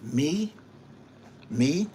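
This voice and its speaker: A man's voice: on the high side, lively intonation, very slow, mellow, a little hiss or hum. A man hosting his own online show, delivering a heated live-stream monologue, emphatic and repetitive, scolding someone and invoking his faith.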